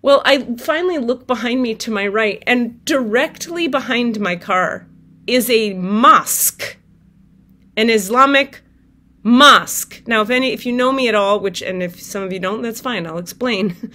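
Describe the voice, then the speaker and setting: Animated, swearing spiritual storyteller woman. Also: fairly high pitch, measured pace. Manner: animated, swears freely, acts out her own shouting. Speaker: tarot reader and spiritual vlogger. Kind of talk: casual storytelling to viewers.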